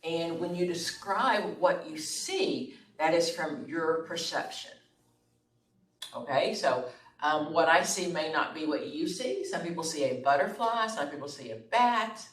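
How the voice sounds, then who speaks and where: A woman's voice: low voice, expressive, unhurried. A middle-aged woman instructor giving a classroom lecture in a conversational way, often checking in with her listeners. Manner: conversational, checks in with "okay?" and "right?". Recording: echoey room, far from the mic, faint room noise.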